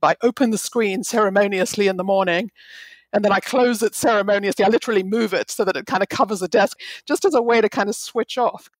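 A woman's voice: mid-range voice, fast talker, no room sound. A woman researcher on teamwork, giving thoughtful interview answers with hedging fillers.

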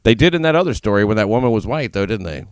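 Low-voiced man, dry sardonic podcast host. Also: very fast, no echo. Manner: sardonic, dry deadpan commentary. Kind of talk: casual podcast chat.

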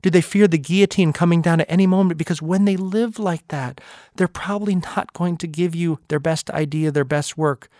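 A man hosting a podcast, telling anecdotes in a lively, animated way before moving into his sign-off. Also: fairly high pitch, fairly quick, no room sound, studio quality. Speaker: podcast host. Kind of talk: anecdotal storytelling talk.

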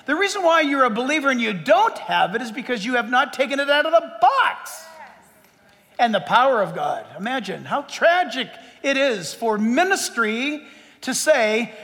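A man's voice: very high-pitched, sing-song, moderate pace, a bit bright, in a large hall. A middle-aged man preaching a sermon as pastor, conversational and joking with his congregation. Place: church sanctuary.

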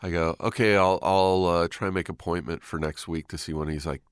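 A man's voice: sits low, steady tone, a little fast, clear, resonant tone, dry recording, studio quality. A man telling a personal story in a casual podcast chat, laid-back and swearing, acting out what others said.

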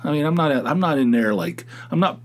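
A man's voice: on the high side, big pitch swings, brisk. A middle-aged man from Pennsylvania hosting a solo podcast, rambling and grumbling in casual chat, with frequent restarts and "you know"s. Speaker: podcast host.

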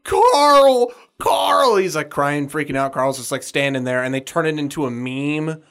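A podcast co-host joins the conversation with a lively, laughing energy and often cuts in. The voice sits at a middle pitch in easy, casual talk. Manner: lively, laughing, quick to jump in. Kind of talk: casual chat.

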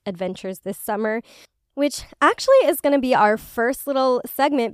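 A woman's voice: medium pitch, darkish tone, no echo, clean studio sound. A woman hosting a casual solo podcast, chatty and swearing freely, with lots of "like". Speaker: podcast host.

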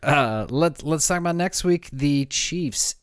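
A man's voice: a little high, expressive, measured pace, clean tone, dry recording, clean studio sound. A man co-hosting a sports podcast in casual chat, easygoing and moving the talk from game to game. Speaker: podcast co-host.

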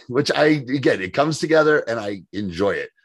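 A man's voice: mid-range voice, animated, moderate pace, husky, no echo. A man co-hosting a podcast, recapping in casual chat, rambling, swearing freely and laughing often. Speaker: podcast co-host.

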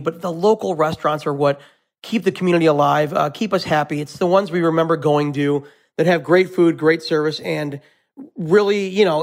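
Chatty chef, rambling with laughs. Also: male voice, fairly high pitch. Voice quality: laughs often, rambling with repeated fillers. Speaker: chef guest. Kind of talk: casual interview answers and joke telling.

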